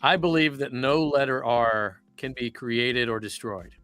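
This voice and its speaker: Southern guy from louisiana, bright voice, rambly chatty storyteller, little bit of music behind. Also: medium pitch, fairly even intonation, a little slow, no echo. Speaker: voice actor. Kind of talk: casual chat on a livestream.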